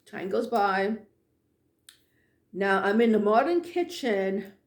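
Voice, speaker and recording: A woman telling a personal ghost story in an animated way, dropping to hushed tones at the tense moments. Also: mid-range voice, slow, roomy sound.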